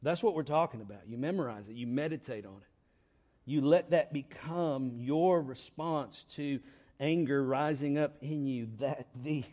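A man's voice: on the high side, unhurried, mellow. A man preaching a sermon, repeating key lines and asking rhetorical questions. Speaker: pastor. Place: church.

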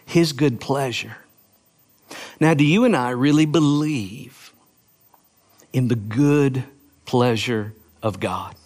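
A man preaching a sermon, explaining scripture with slow, emphatic phrasing and playful sound-outs of words. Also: medium pitch, darkish tone. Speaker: pastor.

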